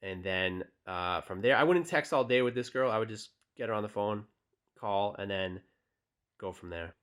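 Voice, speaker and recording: Here a young man offers dating coaching at a moderate pace, his fairly low voice clean in tone. He reads text messages aloud in a relaxed, direct, casual tutorial peppered with fillers.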